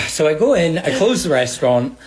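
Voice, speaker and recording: A man's voice: on the high side, moderate pace. Laughing man telling a wild story. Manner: animated, laughs through the story, acts out voices. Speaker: storyteller recounting a work incident. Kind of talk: casual storytelling.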